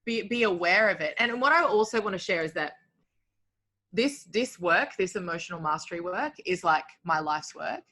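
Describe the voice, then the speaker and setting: Woman guest, low-pitched but bright, candid and reflective, lots of fillers. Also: expressive, normal speed. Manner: open, reflective, heavy use of filler words. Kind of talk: casual conversation.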